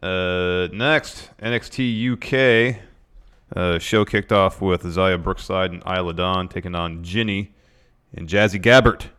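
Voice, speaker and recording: A man with a deep voice recaps a show in casual podcast chat. He keeps a steady, matter-of-fact delivery with plenty of fillers. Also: measured pace, smooth. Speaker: podcast co-host.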